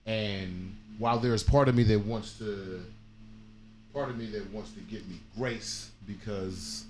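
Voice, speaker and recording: A man hosting a casual live-stream chat, animated and dramatic, laughing often. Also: lowish voice, unhurried, a little hiss or hum. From Dayton, Ohio family. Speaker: host.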